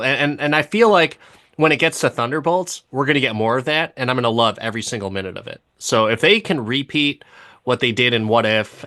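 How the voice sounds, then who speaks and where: Man, podcast co-host, bright tense voice, enthusiastic casual review chat. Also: mid-range voice. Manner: enthusiastic, animated, quick to laugh.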